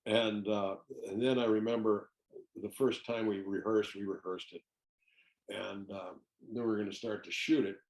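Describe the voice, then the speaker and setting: An older man, a guest actor, telling lively anecdotes in a casual interview and laughing often. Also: lowish voice, normal speed, poor audio.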